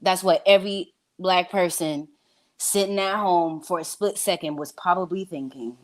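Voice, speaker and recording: A woman's voice: lowish voice, normal speed. A woman from New York calling in to a live show, blunt and sassy in her casual commentary. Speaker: caller.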